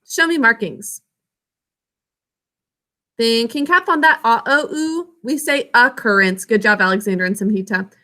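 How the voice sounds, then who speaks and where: A young woman teaching a class, slowly sounding out words and their syllables. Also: a little high, bright, forceful tone. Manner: clear, slow enunciation of words and sounds. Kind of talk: classroom spelling lesson.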